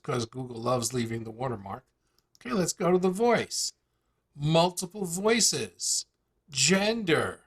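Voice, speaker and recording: Slow, chatty man demoing software. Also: a little high, husky. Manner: chatty salesman, rhetorical questions, uneven emphasis. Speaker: host presenting an online tool demo. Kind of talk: casual live demonstration on a call.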